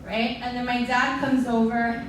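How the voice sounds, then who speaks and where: A high-pitched woman tells a wild personal story on stage, laughing through her lines, swearing freely and dropping into Spanish. She sounds far from the mic, with a big echoing hall around her and steady noise underneath. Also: measured pace. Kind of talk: live comedic storytelling. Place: stage at a live story slam. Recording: echoey hall, heard from far off.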